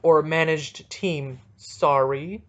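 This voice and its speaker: A man hosting a casual solo sports podcast, talking in an excitable, rambling and jokey way, with a stuffy nose. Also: a little high, takes it slowly, dull audio. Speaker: podcast host.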